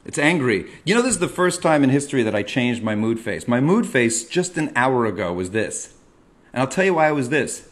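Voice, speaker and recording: A middle-aged man hosting a comic monologue, ranting and self-mocking with sudden loud yells. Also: medium pitch, very animated, brisk. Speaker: comedian host.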